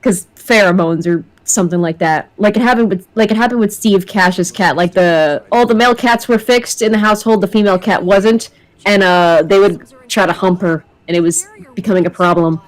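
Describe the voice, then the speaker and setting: A woman's voice: medium pitch, brisk. A woman with a mid-range voice chats casually on a game stream. She giggles often and wanders into long, explanatory tangents. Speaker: stream co-host.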